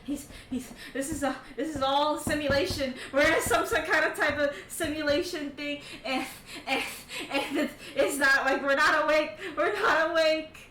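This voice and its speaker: A woman narrating as game master of a tabletop game, excitable and laughing as she voices the characters. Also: sits high, moderate pace, hardly any pauses, echoey room, far from the mic, a little hiss or hum.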